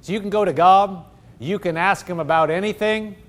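A man preaching a sermon, swinging from loud, excited exclaiming to low, hushed tones. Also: moderate pace.

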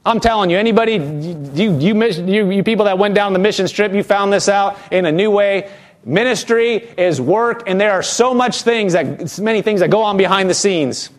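Pastor guy preaching, fairly high voice, acts out little quotes as he goes. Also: normal speed. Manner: animated preaching, acting out quotes in character voices. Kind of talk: sermon.

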